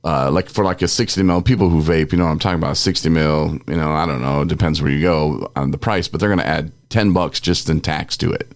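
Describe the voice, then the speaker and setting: A man's voice: very deep voice, fast talker, hardly any pauses, dry recording, studio quality. A man co-hosting a podcast, ranting in a worked-up, exasperated way. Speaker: podcast co-host. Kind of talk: casual ranting chat.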